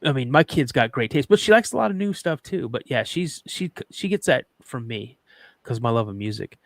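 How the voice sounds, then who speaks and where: A man's voice: medium pitch, animated, a little fast, gravelly, dry recording. A middle-aged man hosting a live podcast, chatting casually and telling rambling stories. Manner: rambling storyteller, acts out quotes. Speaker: podcast host.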